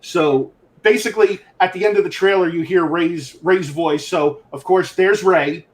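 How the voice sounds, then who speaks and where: A man's voice: high-pitched, moderate pace. A man co-hosting a live collectibles show in casual chat, opinionated and ranting, often repeating words as he starts a thought.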